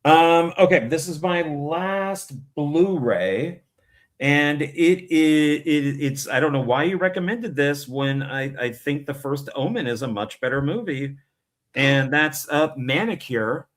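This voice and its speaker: A man's voice: fairly high pitch, slow. Offhand joking man in casual chat. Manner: joking, offhand, trips over words. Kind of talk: casual chat about movies.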